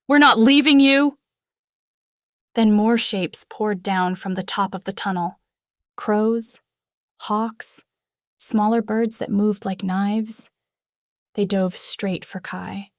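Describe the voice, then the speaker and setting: A woman reading a first-person fantasy novel aloud in a dramatic, expressive way. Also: medium pitch, slow pace, no echo, clean studio sound. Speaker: audiobook narrator.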